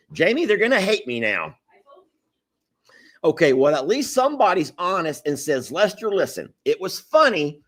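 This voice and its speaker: A man casually telling a family story to his live viewers, acting out quotes and apologizing with a laugh. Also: a little high.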